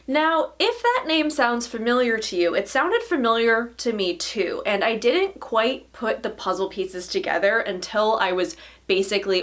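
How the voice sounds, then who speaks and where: A woman hosting a vegan vlog, talking in an animated, sarcastic way and laughing often. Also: on the high side. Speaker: vegan YouTube host. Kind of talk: casual vlog commentary.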